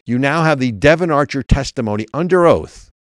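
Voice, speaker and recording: A man's voice: medium pitch, lively intonation, fairly quick, no echo, studio quality. A man co-hosting a political talk show, arguing emphatically and reading legal text aloud. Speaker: co-host.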